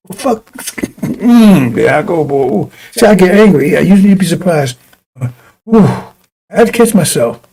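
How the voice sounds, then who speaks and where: A man's voice: on the high side, creaky, darkish tone, breathy edge. A man preaching a broadcast sermon in a fiery, rambling way, often repeating and restarting his phrases.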